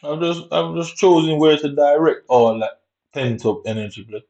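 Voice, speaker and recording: A man's voice: on the high side, normal speed, a little mellow, muffled recording. A man with a Jamaican accent, ranting angrily over gameplay, swearing constantly and using street slang. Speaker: gamer.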